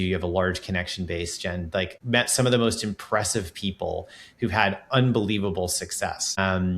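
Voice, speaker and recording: A man's voice: lowish voice, a bit bright. A man hosting a podcast interview, talking in a reflective, rambling way with frequent restarts. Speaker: podcast host. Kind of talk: casual interview conversation.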